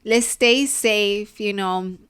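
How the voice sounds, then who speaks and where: A woman's voice: mid-range voice, fairly even intonation, takes it slowly, a bit bright, smooth. A young woman co-hosting a podcast, chatting in an earnest, talkative way full of fillers. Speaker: podcast co-host. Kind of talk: casual chat.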